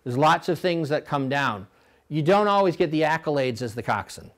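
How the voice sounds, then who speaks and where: A middle-aged man coaching coxswains at a clinic, blunt and animated, now and then mimicking rowers in a high voice. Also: normal speed. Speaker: rowing coach.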